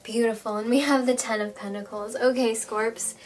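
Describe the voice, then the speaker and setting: A woman reads tarot for her viewers in a gentle, reassuring way. Her voice sits a little high, and she pauses often and fills gaps with soft hesitations. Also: steady tone, a little hiss or hum. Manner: gentle, reassuring, with frequent fillers. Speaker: tarot reader. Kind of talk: tarot reading monologue.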